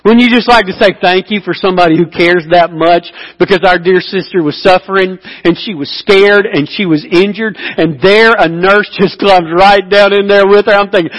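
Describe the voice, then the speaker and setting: A man preaching a sermon as pastor, telling stories with lively emphasis and dropping to a hushed voice. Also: high voice, moderate pace, few pauses. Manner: animated storytelling, swings between loud emphasis and hushed intimacy. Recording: long hall reverb.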